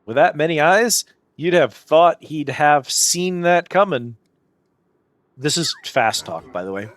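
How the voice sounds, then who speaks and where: A man's voice: a little high, animated, slow pace, a bit bright, no room sound. A man giving sarcastic, joking commentary while he streams a game, swearing freely. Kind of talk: casual gameplay commentary.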